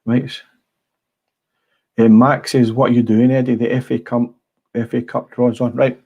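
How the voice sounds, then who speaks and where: A man's voice: mid-range voice, level tone, measured pace, creaky, warm tone, slightly rough. A middle-aged Scottish man hosting a casual livestream, blunt and rambling, swearing freely. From Scotland. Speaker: livestream host. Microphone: small clip-on mic.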